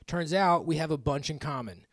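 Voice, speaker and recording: Rambling stand-up comic, higher voice. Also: male voice, moderate pace, no room sound, studio quality. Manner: rambling, self-mocking, laughs at own jokes. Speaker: stand-up comedian. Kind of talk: stand-up comedy set. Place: comedy club stage before a live audience.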